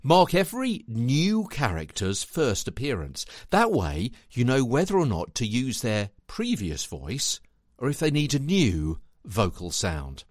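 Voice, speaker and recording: A man hosting a spoken tutorial podcast, chatty and animated, talking straight to the listener. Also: mid-range voice, measured pace, no echo, clean studio sound. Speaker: podcast host and voice coach.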